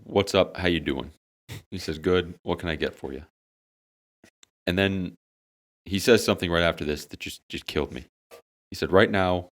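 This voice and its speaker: A young man, telling a funny story with plenty of swearing on a casual podcast among friends. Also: low-pitched. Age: young adult. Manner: animated, swearing, dramatic comic storytelling. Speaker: podcast co-host.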